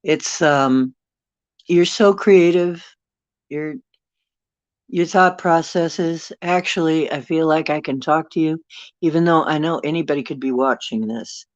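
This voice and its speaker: A livestream host with a low-pitched voice rambles casually at a measured pace while reading viewer comments in her bedroom. The dry recording comes from her phone and sounds dull and lo-fi.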